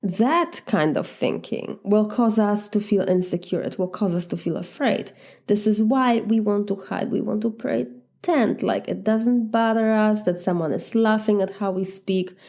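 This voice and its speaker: Woman, Eastern European accent, life coach doing a solo podcast; mellow, earnest, reflective. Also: medium pitch. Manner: earnest, reflective, frequent "right?" asides.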